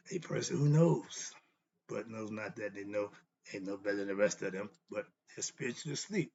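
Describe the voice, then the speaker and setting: A man's voice on the low side comes through lo-fi sound with a little hiss or hum. As host of a philosophy monologue, he lectures on self-knowledge, preachy and blunt, repetitively asking himself rhetorical questions and answering them while sounding annoyed.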